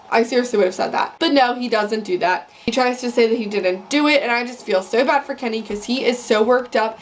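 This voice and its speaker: A woman's voice: on the high side, fairly quick, hardly any pauses, a little hiss or hum. A young woman vlogging, casually and heatedly sharing her opinions in a rambling rant. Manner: opinionated, ranting. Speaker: vlogger recapping a reality show. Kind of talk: casual chat.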